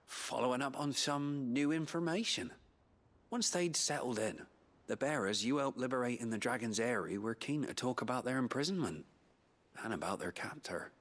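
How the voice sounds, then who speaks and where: An actor playing a courteous man who speaks in a measured, polite way. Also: mid-range voice, fairly bright tone, lightly acted. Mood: concerned.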